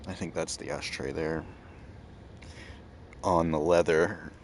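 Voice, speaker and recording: A man's voice: very deep voice, steady tone, slow, background noise. A man casually thinking aloud and rambling while playing a driving game. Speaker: gaming channel host. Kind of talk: casual gameplay commentary.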